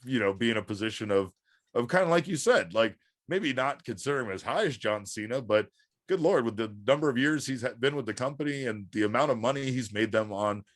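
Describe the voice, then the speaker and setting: A man co-hosting a wrestling podcast in casual chat, excitable, swearing freely and laughing often. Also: medium pitch, a little fast, dry recording, clean studio sound. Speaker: podcast co-host.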